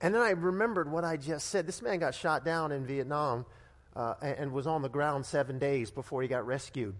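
High-voiced preacher in a reverberant hall. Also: male voice, fairly quick. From Nevada, United States. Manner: lively storytelling with restarts and sudden loud bursts. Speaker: pastor. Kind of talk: sermon.

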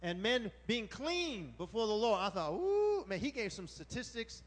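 A man preaching a sermon as pastor, animated and colloquial, with sudden exclamations. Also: high-pitched, moderate pace, in a large hall.

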